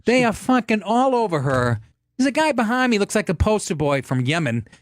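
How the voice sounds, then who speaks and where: A man hosting a talk radio show, his voice pitched a little high and swinging widely as he talks. He is blunt, profane and sardonic. The studio sound is dry and close. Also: very animated, fairly quick, no room sound. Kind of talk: casual talk radio chat.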